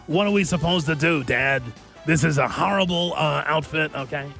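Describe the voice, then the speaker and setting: A man putting on a raspy, grumbling eight-year-old boy fan who ends every line with "okay?". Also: a little high, normal speed, fairly bright tone, soft background music. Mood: whiny, grumbling.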